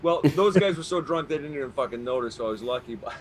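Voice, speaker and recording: A man's voice: mid-range voice, animated, fast talker, slight background noise. Profane storytelling Canadian man. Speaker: podcast co-host. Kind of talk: casual live-stream banter.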